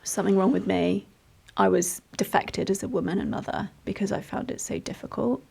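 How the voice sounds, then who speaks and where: A woman in her thirties hosts a podcast conversation with open enthusiasm. She tells her stories with warmth and laughs easily, her pitch sitting at an ordinary middle height. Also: a little fast, creaky, husky. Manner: enthusiastic, storytelling, laughs often. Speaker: podcast host. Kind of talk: conversational interview.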